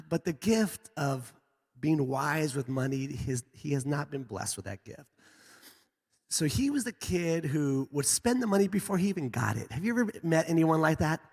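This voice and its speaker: A man preaching a sermon as a pastor, telling animated stories about his children. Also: normal speed. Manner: animated storytelling, lively swings in pitch. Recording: echoey hall.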